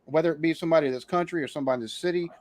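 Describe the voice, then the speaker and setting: A man's voice: a little high, very fast, a little mellow. A man from the Alabama Gulf Coast, hosting a casual chat and rambling through profane stories. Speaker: host.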